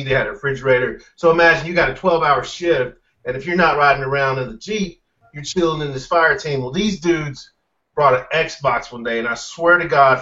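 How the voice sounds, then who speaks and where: A man's voice: a little high, bright, forceful tone. A man chatting casually on a podcast, telling stories in a laid-back, profane way. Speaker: podcast panelist. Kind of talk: casual chat. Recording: distant, dull lo-fi sound.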